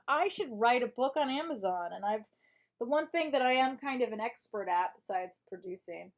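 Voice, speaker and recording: Chatty woman reading aloud on a livestream. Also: mid-range voice. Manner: chatty, laughs often, mixes reading with asides. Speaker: live-stream host.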